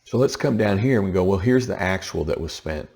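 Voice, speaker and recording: A man with a very low, gravelly voice walks through a tax lesson in a loose, conversational way. He sounds tired from the late hour. He keeps pausing to ask "okay?" as he explains. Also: expressive, a little mellow. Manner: conversational, checks in with frequent "okay?". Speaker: tax educator.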